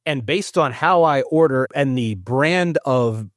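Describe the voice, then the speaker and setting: A man's voice: medium pitch, expressive, measured pace, no room sound, studio quality. A man hosting a trivia quiz, playful and chatty as he explains facts. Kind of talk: casual game-show hosting.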